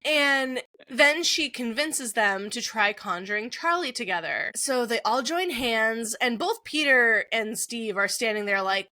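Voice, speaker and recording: A woman's voice: on the high side, expressive, measured pace, few pauses, bright, forceful tone, dry recording. A woman co-hosting a podcast, casually retelling a horror film scene by scene and acting out the characters' lines, swearing freely. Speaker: podcast co-host.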